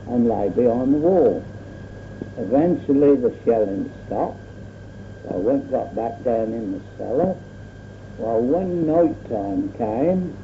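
An older man telling his own war memories in a rambling, plainspoken way. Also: medium pitch. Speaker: war veteran. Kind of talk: oral history recollection. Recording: tinny lo-fi old recording with faint hiss.

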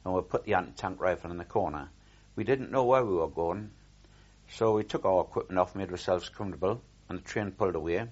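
A man's voice: deep voice, brisk, a little mellow, husky, highs cut off. An older man recalling his war service in a rambling oral history, with frequent restarts and repeated words.

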